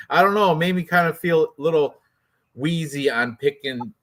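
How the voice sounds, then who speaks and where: A man's voice: medium pitch, fairly quick, a bit bright. A man co-hosting a fight picks stream, rambling in casual banter, swearing and laughing often. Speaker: co-host of a fight picks show.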